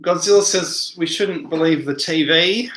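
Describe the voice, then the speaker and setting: A man's voice: a little high, measured pace, fairly bright tone, roomy sound. Tired man rambling through a live chat. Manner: rambling, reads comments aloud and answers them. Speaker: live stream host. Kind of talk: late-night live chat, reading viewer comments.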